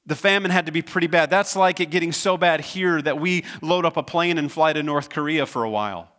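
A man's voice: a little high, brisk, a bit bright. A man preaching a sermon as pastor. He retells a scripture story in his own conversational words, earnest and stumbling now and then over repeated words.

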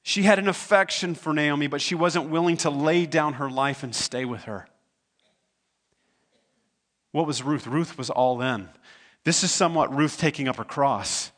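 A man's voice: a little high, measured pace, a bit bright. A man preaching a sermon as pastor. He retells a scripture story in his own conversational words, earnest and stumbling now and then over repeated words.

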